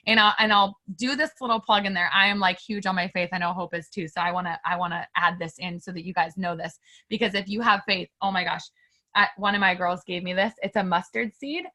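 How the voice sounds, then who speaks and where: A woman guest on an interview, telling a personal story in a candid, animated way and talking straight to her listeners. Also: mid-range voice, fairly quick. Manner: animated and emphatic, filler-heavy; candid, addresses listeners directly.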